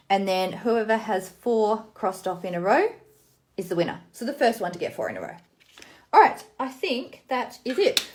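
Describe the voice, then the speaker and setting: Woman, casual tutorial voice, sounds out words slowly, then chats briskly, mid-pitched. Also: a little hiss or hum. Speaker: teacher demonstrating literacy games.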